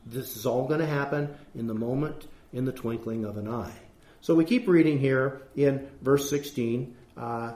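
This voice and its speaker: A man preaching an earnest sermon, slowing down to read scripture and asking rhetorical questions. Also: mid-range voice, a little mellow, reverberant.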